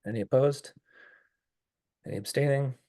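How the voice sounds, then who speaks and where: A man's voice: medium pitch, normal speed, warm tone. A man chairing a public neighborhood commission meeting in a casual, clarifying way while losing his voice.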